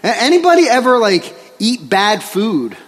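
A male pastor preaching a sermon in a joking, animated way, often asking the congregation questions. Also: sits high, normal speed. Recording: long hall reverb.

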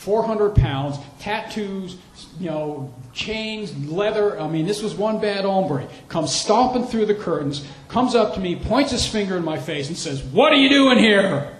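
Animated preacher man in echoey room. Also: high voice, unhurried. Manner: animated storytelling, repeats phrases for emphasis. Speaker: missionary preacher. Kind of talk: sermon with storytelling.

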